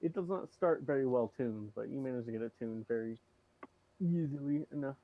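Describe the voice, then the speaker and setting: A man running a tabletop game as game master, describing scenes and ruling on rolls. He talks in a loose, chatty way and swears casually. His voice sits at a middle pitch. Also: fairly quick, phone-quality sound, slight background noise.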